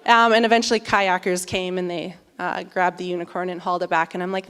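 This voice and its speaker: A woman in her thirties giving a sermon, telling a lively, chatty story full of "like"s. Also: lowish voice, normal speed, clear, resonant tone. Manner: animated, chatty storytelling with many "like"s. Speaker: speaker at a church service. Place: church sanctuary. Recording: long hall reverb.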